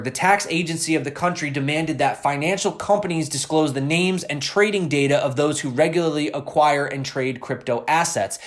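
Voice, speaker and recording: A man's voice: fairly high pitch, a bit bright. A young man hosting a crypto news channel, chatting casually and talking straight to his viewers. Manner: chatty, addresses viewers directly.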